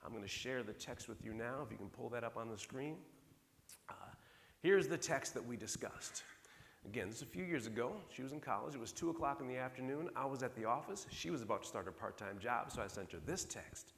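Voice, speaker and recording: A man's voice: mid-range voice, a little fast, gravelly. A middle-aged man giving a conference keynote to an audience in a large hall, telling stories with humor. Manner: animated, humorous storyteller. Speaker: keynote speaker. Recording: long reverb of a large hall.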